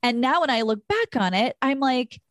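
A woman's voice: high-pitched, expressive, moderate pace, a bit bright, no room sound, clean studio sound. A woman hosting a podcast, talking frankly and emotionally about her own relationships and swearing freely in a candid conversation. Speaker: podcast host.

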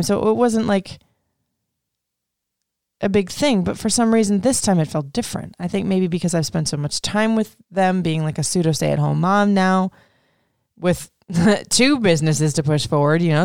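A woman host with a lowish, gravelly voice that still sounds smooth and clear. She tells her story in a loose, rambling way, swearing freely and leaning on "like". The sound is close and dry, with no room around it. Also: a little mellow, no room sound. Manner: rambling, profane, heavy use of "like". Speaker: podcast host. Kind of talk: casual personal storytelling.

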